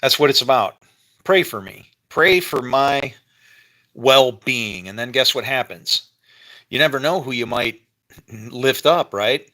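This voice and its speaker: Bright-voiced man rambling emotionally. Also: medium pitch, lively intonation, a little slow. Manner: rambling, emotional, with frequent laughs and restarts; preachy, talks about faith. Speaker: vlogger. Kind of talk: rambling casual monologue. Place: home kitchen.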